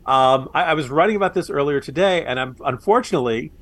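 A man's voice: on the high side, fast. A man co-hosting a political podcast, talking casually and sarcastically with frequent laughs. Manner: animated, sarcastic, laughs often. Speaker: podcast co-host.

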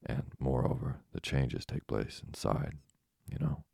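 A man's voice: rumbling low, measured pace, gravelly, a little mellow, husky, no room sound, studio quality, heavily acted. A man reading an audiobook, voicing an eccentric old doctor who speaks in a mumbling, matter-of-fact, imperturbable way. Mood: dry, probing. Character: eccentric old male French doctor, calm, probing.

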